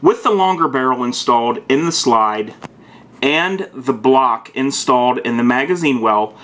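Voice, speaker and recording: A man hosts a casual home video in a mid-range voice. He reads aloud in a stiff, emphatic way, then drops into quick, casual asides to the viewer. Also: mid-range voice, lively intonation, fairly bright tone. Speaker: gun video host. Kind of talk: reading aloud and commenting, casual vlog.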